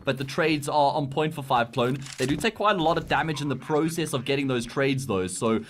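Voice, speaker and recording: A man with a South African accent doing live esports commentary, breaking down plays in a measured, analytical way. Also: medium pitch, a little hiss or hum.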